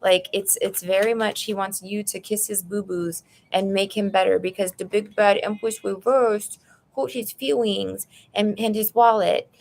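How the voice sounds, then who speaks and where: A woman doing a live tarot reading at home, speaking into her phone. Her mid-range voice has a strong vocal fry running through it. She talks bluntly and casually, as if chatting with a close friend. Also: medium pitch, fairly even intonation, moderate pace, darkish tone. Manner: blunt, chatty, addresses viewer as "girl". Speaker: tarot reader. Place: apartment room at home.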